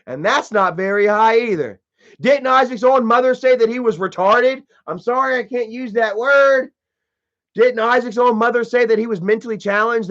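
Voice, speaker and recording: A man's voice: extremely high pitch, fairly bright tone. A man hosting a livestream, talking in a casual, profane and mocking way and saying "you know" a lot. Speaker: livestream host. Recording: dull lo-fi stream audio.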